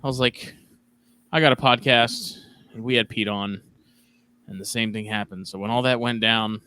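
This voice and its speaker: A man's voice: lowish voice, steady tone, moderate pace, sharp tone, smooth. A man hosting a podcast in casual chat, telling stories animatedly and acting out his own past remarks. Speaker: podcast host.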